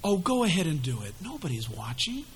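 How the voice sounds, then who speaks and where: A man's voice: on the high side, wildly swooping pitch, a little fast, husky, voice pushed down, exaggerated voice. A man voicing a sly male devil who tempts and taunts in a wheedling, mocking way. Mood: coaxing hush.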